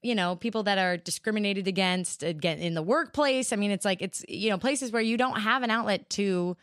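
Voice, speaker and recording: A woman in casual podcast chat, relaxed, asking questions and using easy slang. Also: medium pitch, fairly quick, clean tone, no echo, studio quality. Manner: relaxed, asks questions, uses "man" and "like".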